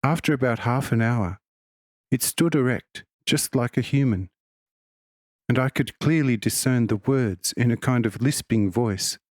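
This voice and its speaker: A man of middle pitch reading a religious text as an audiobook, steady and measured from line to line. The sound is dry and close, with no room echo at all. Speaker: audiobook reader.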